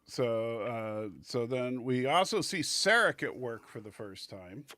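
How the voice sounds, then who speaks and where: Chatty male panelist, bright sound, playful. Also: medium pitch, animated, unhurried, no room sound. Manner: chatty, enthusiastic, joking. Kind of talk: casual panel chat.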